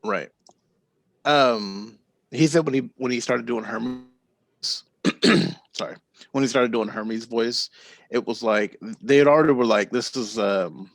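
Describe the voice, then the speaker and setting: A man's voice: medium pitch, gravelly, no echo. A man co-hosting a podcast, telling stories in a rambling, laughing way. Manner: rambling storyteller, quick to laugh. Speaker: podcast co-host. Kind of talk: casual podcast chat.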